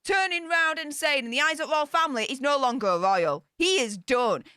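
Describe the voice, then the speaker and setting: A British woman giving scornful live-stream commentary in an excitable voice that swings between shrieks and mutters. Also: sits high, a little fast, no room sound, studio quality. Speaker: royal news commentator.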